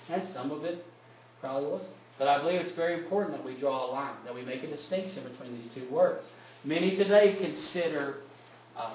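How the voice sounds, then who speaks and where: Male preacher, emphatic delivery that swells and drops, slight hiss, roomy church sound. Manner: emphatic, rises loud on key points then drops low. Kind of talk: sermon. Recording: echoey room, distant mic, faint hiss.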